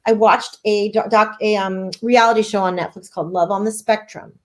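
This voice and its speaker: A woman's voice: medium pitch, fairly even intonation, normal speed. A middle-aged woman, an author as interview guest, gushing and swearing casually as she chats.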